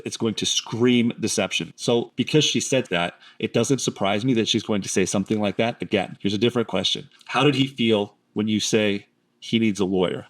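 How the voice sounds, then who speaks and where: Man explaining with steady emphasis. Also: fairly low pitch. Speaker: host analyzing statements. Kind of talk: analytical commentary.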